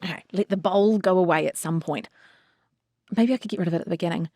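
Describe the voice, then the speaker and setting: A woman's voice: lowish voice, quick pace, darkish tone, dry recording, studio quality. A woman co-hosting a voice-acting podcast who talks about her practice in a practical, self-critical way. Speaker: podcast co-host, voice actor. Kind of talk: casual chat.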